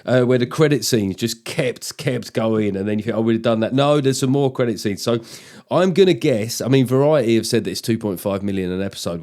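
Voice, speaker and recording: A man's voice: mid-range voice, darkish tone. A man hosting his own comedy podcast, talking in a loose, jokey, sweary monologue with lots of asides. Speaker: podcast host.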